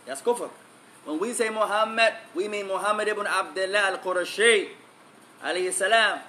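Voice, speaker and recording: A man's voice: high-pitched, moderate pace, bright, forceful tone, a little hiss or hum. A man giving an emphatic religious lesson, repeating key phrases and switching between English and Arabic. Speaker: Islamic teacher.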